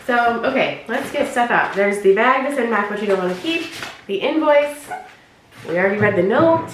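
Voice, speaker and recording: A woman's voice: mid-range voice, animated, normal speed, echoey room, noisy background. A woman vlogger chatting through an unboxing in a bubbly, giggly, rambling way, her voice stuffy and nasal from allergies. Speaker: vlogger reviewing a clothing box.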